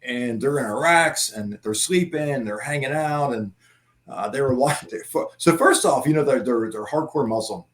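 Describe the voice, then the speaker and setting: A man's voice: mid-range voice, normal speed. A man telling war stories in casual chat, laughing often and swearing freely. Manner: laughing, profane, animated anecdotes. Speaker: former Marine guest.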